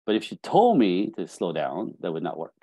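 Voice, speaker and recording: A middle-aged man, a dating coach, telling lively stories on a podcast and acting out bits of dialogue. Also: deep voice, moderate pace, husky, no echo. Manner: animated storytelling, acting out dialogue. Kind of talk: casual podcast conversation.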